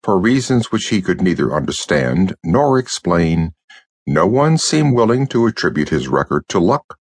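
Male audiobook narrator, low and husky, measured delivery, lively intonation. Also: no room sound, clean studio sound. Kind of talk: scripted narration.

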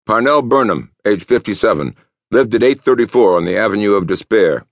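A man voicing a male office assistant who reports facts briskly over an intercom. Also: lowish voice, animated, creaky, no room sound, voice pushed up.

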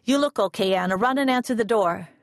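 An impatient, short-tempered mother barking orders at her children, as a woman reads her in an audiobook. Her scolding is clipped and sharp, with a gravelly edge under it, heard close and dry with no room around it. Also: fairly high pitch, fast talker, no echo, natural voice. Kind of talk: audiobook character reading.

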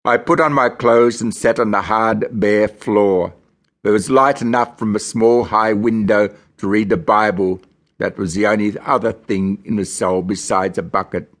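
A man from Australia reads a novel aloud in the first person, measured and grim. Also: on the low side, fairly even intonation. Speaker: audiobook narrator.

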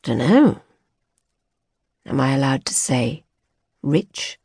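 A woman's voice: rumbling low, big pitch swings, takes it slowly, gravelly, darkish tone, slightly rough, no echo, pitched below the performer's own voice, full character voice. A posh young man with a lazy, offhand drawl, voiced by a woman narrator. His lines sit a little below her own voice and sound flippant and unbothered. The studio sound is dry and close. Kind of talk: audiobook character voice.

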